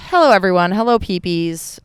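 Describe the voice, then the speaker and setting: A woman's voice: on the low side, lively intonation, a little fast, clean tone, no room sound, studio quality. A woman co-hosting a podcast in a playful, rambling, giggly way. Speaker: podcast co-host. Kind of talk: casual chat.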